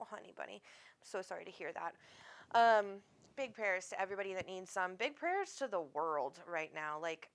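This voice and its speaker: A woman's voice: medium pitch, a bit bright. A woman, hosting a live stream as a psychic medium, chatting casually, reading viewer comments aloud, laughing often and swearing freely.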